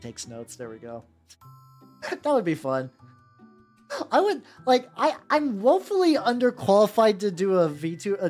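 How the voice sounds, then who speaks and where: Painting miniatures on a stream, a woman talks in a low voice with a darkish tone. She rambles casually, swears a lot and keeps starting her sentences over, while faint music plays behind her.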